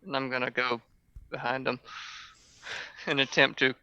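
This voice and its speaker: A man's voice: mid-range voice, fairly even intonation, unhurried, pushed and bright, smooth. A man playing a tabletop game, describing his moves with many fillers. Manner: hesitant, filler-heavy. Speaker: player. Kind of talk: casual tabletop role-play. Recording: dull lo-fi mic.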